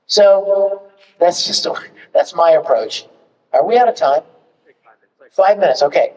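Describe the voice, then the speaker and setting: A man talking on a convention panel, chatty and animated as he tells stories. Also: sits high, a little slow. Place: large convention hall. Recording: echoey hall from far off, muffled.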